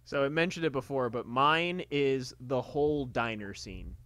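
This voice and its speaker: An easygoing man chatting on a podcast and steering the talk along. His mid-pitched voice is bright and smooth, with a crisp, clear tone. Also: normal speed. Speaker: podcast co-host. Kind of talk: casual chat.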